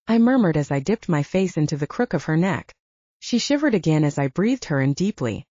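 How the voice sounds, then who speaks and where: A woman narrates a romance audiobook in a low, warm voice. Her reading is steady but animated in pitch. The recording is dry and somewhat dull. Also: normal speed, dry recording. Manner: first-person, steady reading. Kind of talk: scripted narration.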